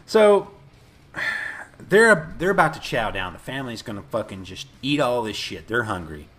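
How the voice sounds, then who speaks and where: A man with a medium-pitched voice, speaking at a moderate pace, recaps a movie with his co-host in a casual podcast chat. He swears freely and gives an animated retelling, voicing the characters' lines himself.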